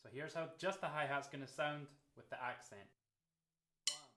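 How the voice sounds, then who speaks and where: A man, a drum teacher calmly explaining a groove and counting beats aloud. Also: a little high, brisk, very noisy. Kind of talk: instructional explanation. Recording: roomy echo.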